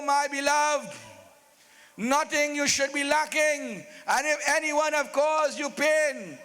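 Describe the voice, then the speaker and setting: A man voicing a lovesick old king, high and pleading. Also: pushed and bright, in a large hall, exaggerated voice. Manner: pleading, drawn-out and theatrical.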